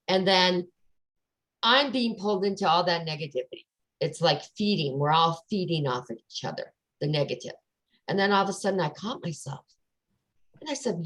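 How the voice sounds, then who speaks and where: A woman with a fairly low voice chats casually with a friend. She tells a personal story with animation and acts out the dialogue as she goes. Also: expressive, normal speed, low-quality recording.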